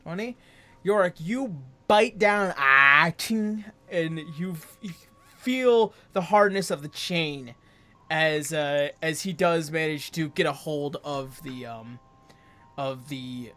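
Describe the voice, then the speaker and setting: A man's voice: a little high, slow, sharp tone, faint music behind. A man acting as game master, narrating a tabletop game with lots of fillers and restarts. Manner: rambling, many fillers.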